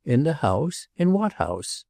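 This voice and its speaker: A man's voice: a little high, big pitch swings, slow, creaky, a little mellow, no echo, pitched above the performer's own voice, exaggerated voice. A man voicing an elderly woman, tired and blunt, in an audiobook reading. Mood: weary. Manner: dry, tired, refusing.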